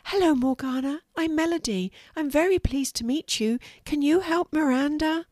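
A gentle young mermaid girl, put on by a woman, bright and friendly in a high, lifted voice. Dry and close, like a storybook read at home. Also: moderate pace, no echo, natural voice.

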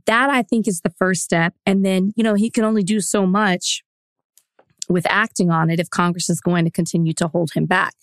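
A woman's voice: lowish voice, fairly even intonation, dry recording. Opinionated woman podcast co-host, dry sound. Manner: opinionated, argues in quick bursts with laughs. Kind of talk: casual chat.

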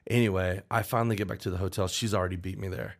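A man with a very low voice tells a personal story in a casual interview. He rambles and restarts, quoting people as he goes. He sounds like a songwriter in his forties being open about his past. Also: steady tone, very fast. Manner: candid, rambling, with restarts and acted-out quotes. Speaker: songwriter guest.

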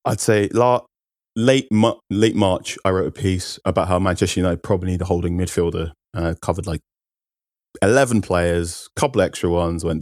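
Man, deep voice, football writer, detailed analysis, dry sound. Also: moderate pace, darkish tone, no room sound. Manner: detailed, acts out quotes.

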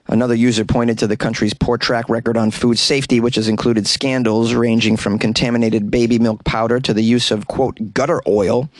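A man's voice: fairly low pitch, dry recording. A man from Boston with a Boston accent, hosting a comedy news podcast and reading stories with wry, joking asides. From Boston, USA. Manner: joking, wry asides, laughs at own jokes. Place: small closet.

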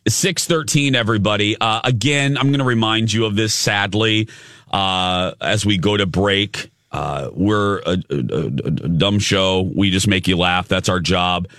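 A man with a low, bright voice hosts a morning radio show from a studio. He chats casually and tells stories with animation, laughing often. The sound is close and dry, with no room around it. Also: measured pace, dry recording. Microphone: studio microphone.

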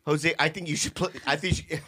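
A man co-hosting a comedy podcast, rambling and animated with many fillers. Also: on the high side, a little fast. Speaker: podcast co-host. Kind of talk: joking banter.

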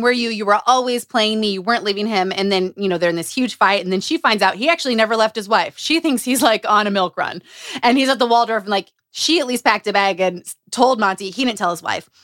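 A woman hosting a casual book-club podcast, talking in an animated way, swearing freely and reading passages aloud. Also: medium pitch, dry recording, clean studio sound. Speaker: podcast host.

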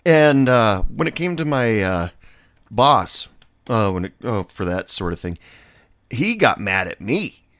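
A man's voice: fairly low pitch, big pitch swings, measured pace, fairly bright tone, no room sound, studio quality. A middle-aged man, a bartender, telling a story in a casual, sarcastic and blunt way.

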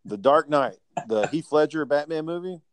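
A man telling work stories in casual chat, animated and profane, acting out the people he quotes. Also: a little high, normal speed, dry recording.

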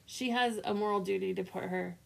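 A woman's voice: mid-range voice, steady tone, fairly quick, gravelly. A woman co-hosting a casual chat, talking emphatically and laughing often. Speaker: co-host. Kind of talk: casual chat reviewing a reality show.

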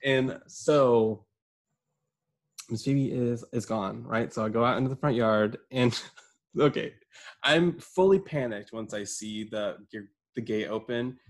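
Podcast guy telling a story, swears a lot, laughs and yells mid-story. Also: medium pitch, takes it slowly. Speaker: podcast co-host. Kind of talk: casual storytelling chat.

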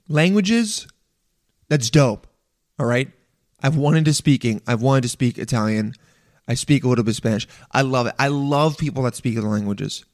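A man delivering an animated, profane rant in a casual monologue, stammering and restarting often. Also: mid-range voice, moderate pace. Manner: profane, exasperated, animated ranting.

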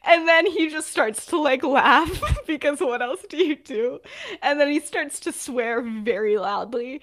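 A woman's voice: fairly high pitch, unhurried, fairly bright tone. A young woman co-hosting a podcast, retelling a story in casual chat, rambling with lots of fillers and acting out the quotes. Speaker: podcast co-host.

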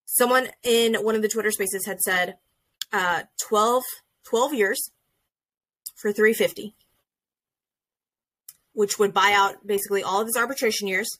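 A young woman co-hosting a podcast in casual chat, animated and joking, swearing freely, on a video call. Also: medium pitch, a little slow, pauses often. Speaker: podcast co-host.

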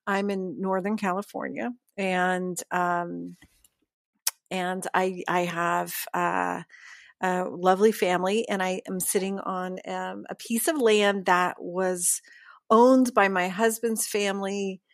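A middle-aged woman from Pittsburgh, guest yoga teacher, chatting in a relaxed way with many fillers and laughs. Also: lowish voice, slow pace, gravelly, no echo, studio quality. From Pittsburgh, Pennsylvania. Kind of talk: casual conversation.

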